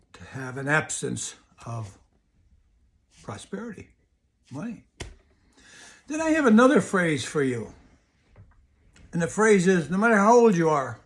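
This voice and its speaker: An older man, a hypnotist, talking to camera in a folksy, storytelling way, often asking rhetorical questions. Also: on the high side. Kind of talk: motivational video talk.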